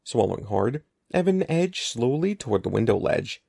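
Male audiobook narrator, gravelly, mellow tone, animated delivery, dry close sound. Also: mid-range voice, normal speed, no echo. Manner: expressive, lively storytelling. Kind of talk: scripted narration.

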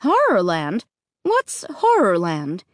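A woman's voice: mid-range voice, wildly swooping pitch, takes it slowly, no echo, studio quality. A woman reading a children's story aloud and voicing a worried, impatient mother. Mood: fretful. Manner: fretful, impatient. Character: fretful, doubtful mother on a family trip. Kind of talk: audiobook reading.

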